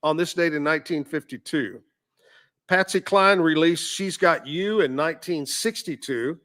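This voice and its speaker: A man's voice: on the high side, moderate pace, fairly bright tone. A man hosting a radio show, chatting casually and laughing often. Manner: chatty, laughs often, reads off music history notes. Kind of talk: casual on-air chat.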